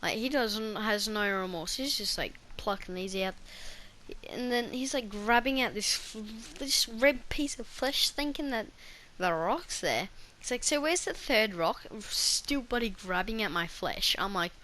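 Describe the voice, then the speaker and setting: A woman's voice: medium pitch, a little slow, bright, forceful tone. A woman vlogger telling a personal story in a casual, rambling way, full of restarts and fillers.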